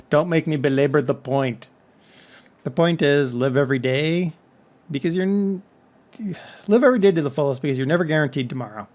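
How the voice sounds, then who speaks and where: Rambling, slightly high-voiced man vlogging. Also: normal speed, pauses often, darkish tone. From Texas. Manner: rambling, conversational, with joking asides. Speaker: vlog host. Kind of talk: casual monologue.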